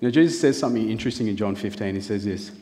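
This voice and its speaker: Preacher in a reverberant hall. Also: male voice, on the low side, rapid-fire, warm tone. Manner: earnest, building through rhetorical lists and questions. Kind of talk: sermon. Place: church hall. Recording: long reverb of a large hall.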